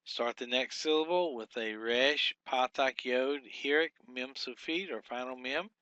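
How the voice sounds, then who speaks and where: Slowly sounding out each syllable as he thinks aloud, a man who teaches Hebrew goes through a workbook lesson one step at a time, his mid-pitched voice bright, forward, clear, and resonant. The sound is close and dry without room tone or echo, though the recording is muffled.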